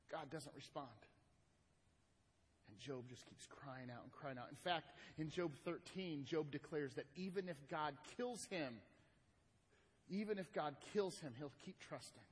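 A man preaching a sermon as pastor, swinging from loud emphatic lines to hushed, slow ones. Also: fairly high pitch, breathy edge. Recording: long hall reverb.

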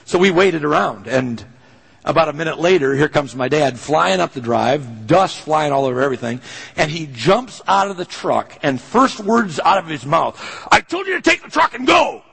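A man's voice: on the high side, animated, normal speed, gravelly, a bit bright, breathy edge, in a large hall, poor audio. A man pastor preaching a sermon, telling a personal story in an earnest, conversational way.

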